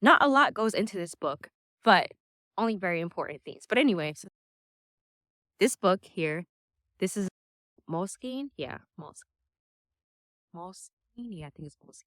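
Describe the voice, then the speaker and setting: A woman's voice: lowish voice, animated, moderate pace, long pauses, fairly bright tone, dry recording, studio quality. A young woman talking casually to a camera on a stand, chatty, laughing often and restarting her sentences. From United States. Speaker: vlogger.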